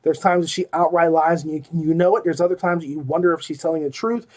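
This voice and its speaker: A man's voice: a little high, fast talker. A middle-aged man hosting an audiobook review podcast, rambling and emphatic, with many asides and repeated "okay?". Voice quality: animated, emphatic, swings between loud exclamations and mumbled asides. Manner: rambling and self-interrupting, with repeated 'okay?' and 'like'. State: hiccuping. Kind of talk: casual spoken book review.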